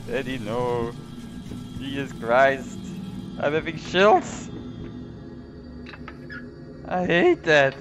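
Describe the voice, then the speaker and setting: A man's voice: medium pitch, expressive, very slow, pauses often. A man playing a horror game on his channel, swearing, shrieking in panic and laughing nervously. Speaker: let's play host. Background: game music.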